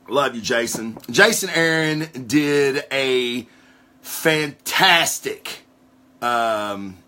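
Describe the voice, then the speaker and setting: A man's voice: mid-range voice, animated, extremely slow, pushed and bright. A man giving a casual solo comic book review, rambling with many restarts and frequent swearing.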